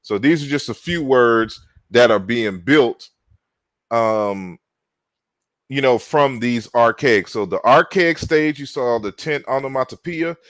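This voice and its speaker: A man delivers a lecture at a slow, deliberate pace, often pausing on fillers and repeating words as he works through his slides. His voice sits at an ordinary middle pitch. It is recorded close and dry, with almost no room sound. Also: fairly bright tone, dry recording. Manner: unhurried, frequent "you know" fillers and restarts.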